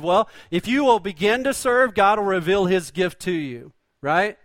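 A man's voice: high-pitched, lively intonation, moderate pace, few pauses, fairly bright tone, dry recording. A man preaching a sermon in a folksy, conversational way, full of rhetorical questions. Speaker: pastor.

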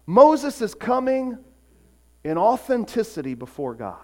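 A man preaching a sermon, earnest, swinging from emphatic peaks to quiet, soft passages. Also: very high-pitched, big pitch swings, a little slow. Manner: acts out short voices in quotes. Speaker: pastor.

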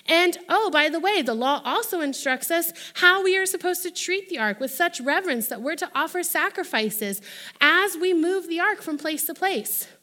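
Bright, high-voiced woman preaching. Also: normal speed. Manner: animated, acts out quoted voices. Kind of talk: sermon.

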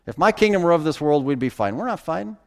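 A man voicing a calm, composed teacher who speaks quietly and steadily. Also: on the high side, fast talker, pitched above the performer's own voice.

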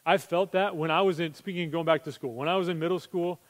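Male pastor, high voice, chatty sermon delivery with plenty of rhetorical questions, long church reverb. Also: fast talker. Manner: conversational, asks rhetorical questions.

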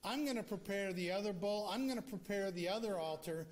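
A man's voice: sits high, brisk, close to an everyday voice. A man voicing a bold, mocking male prophet in casual modern speech during a sermon. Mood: confident. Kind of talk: retelling a scripture scene in a sermon.

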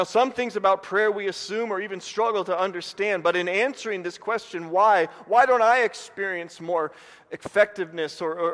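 High-voiced pastor preaching in a reverberant hall. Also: male voice, fairly bright tone. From Indiana. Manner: earnest, repeats words when building a point. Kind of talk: sermon.

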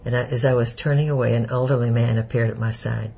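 A man narrating an audiobook in a steady, measured way. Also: medium pitch, vocal fry, breathy edge, low-quality recording.

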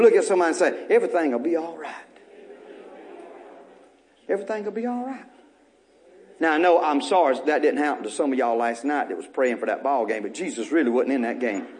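A man's voice: fairly high pitch, darkish tone. A male pastor preaching a sermon, calling out questions to the congregation and repeating short phrases, with folksy joking asides.

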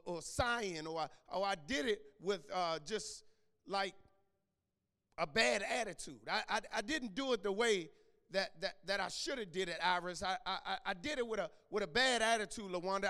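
A man with a high voice preaches a sermon in a church sanctuary. He repeats and restarts his phrases and calls out congregants by name, building to shouts. Long reverb trails off the hall around him. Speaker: pastor.

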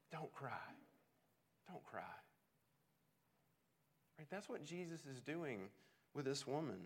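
A man's voice: fairly high pitch, a bit bright. A man preaching a sermon in an earnest way, often repeating words as he restarts a thought. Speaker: pastor.

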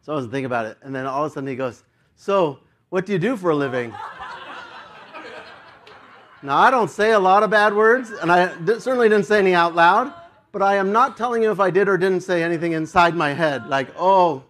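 Pastor guy telling a funny story in a sermon, kinda high voice, laughs at himself a lot. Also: fast. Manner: animated and self-mocking, often laughing.

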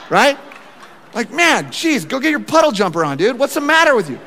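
Animated high-voiced preacher in a reverberant hall. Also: male voice, fairly quick. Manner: animated storytelling with rising emphasis. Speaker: pastor. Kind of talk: sermon.

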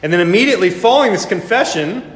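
A man's voice: high-pitched, expressive, quick pace. A man preaching a sermon as pastor, emphatic, repeating key phrases and asking rhetorical questions. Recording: echoey hall with long reverb.

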